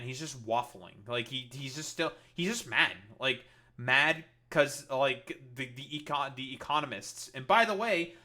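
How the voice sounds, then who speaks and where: Male commentator, high-ish bright voice, profane and exasperated, reacting on stream.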